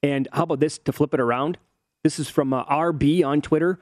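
A man hosting a sports betting talk show in casual banter, animated and prone to acting out quotes. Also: a little high, fairly quick, no echo, studio quality. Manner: animated, acts out quotes in a mocking voice.

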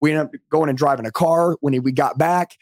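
Fired-up middle-aged guy on a podcast call, rapid fire talk, dry close sound. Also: fairly high pitch, steady tone, darkish tone, no room sound. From United States. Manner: fervent, motivational, emphatic. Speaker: podcast guest, sales trainer. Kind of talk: energetic storytelling on a podcast call. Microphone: remote call.

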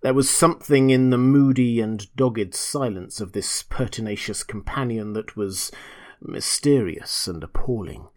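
Male storyteller reading a gothic classic, theatrical and hushed in places, average pitch. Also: measured pace. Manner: theatrical, dropping to hushed tones at tense moments.

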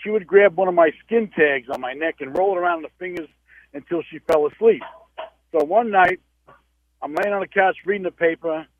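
A man calling into a radio show who tells a funny family story with lively delivery. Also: sits high, brisk, dry recording. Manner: animated storyteller. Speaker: caller. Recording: dull lo-fi call-in audio.

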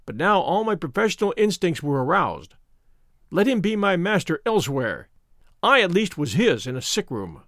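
A man narrating a story in an expressive, measured reading. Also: high-pitched, no room sound, clean studio sound. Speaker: audiobook narrator. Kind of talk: scripted narration.

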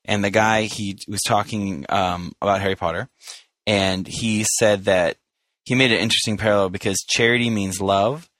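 Man, co-host, easygoing casual chat, lowish voice, dry recording. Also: fairly even intonation, moderate pace, a bit bright, no room sound. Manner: easygoing, laughs often, restarts. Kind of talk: casual chat, book discussion podcast.

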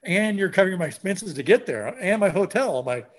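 A man with a slightly high voice tells a story in a relaxed, chatty way. He gets animated and jumps into quick impressions of what other people said. His delivery stays loose and full of fillers. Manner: animated, acts out quotes of others. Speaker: guest. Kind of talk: casual storytelling.

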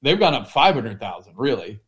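A man's voice: medium pitch, sing-song, a little fast. A man co-hosting a podcast in casual chat, talking in a joking, rambling way full of "like". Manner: chatty and joking, heavy use of "like". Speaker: podcast co-host.

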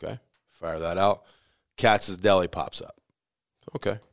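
Deep-voiced man telling kitchen stories. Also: measured pace, no echo, studio quality. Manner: animated storyteller who acts out quoted voices, laughs often. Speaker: pizzeria owner. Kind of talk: casual storytelling interview.

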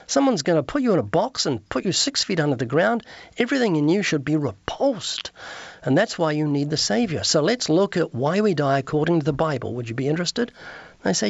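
A man with a raised, gravelly voice preaches earnestly as a guest on a radio interview, quoting scripture and acting out conversations with strangers. The sound is dry and dull, a lo-fi broadcast with no room echo. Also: a little high, lively intonation, brisk. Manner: preachy, quotes scripture and acts out street conversations. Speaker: evangelist guest.

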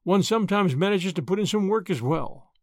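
A man reading the part of a grave, kindly older lawyer who speaks in a measured way. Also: high voice, animated, no echo, clean studio sound. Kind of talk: audiobook character reading.

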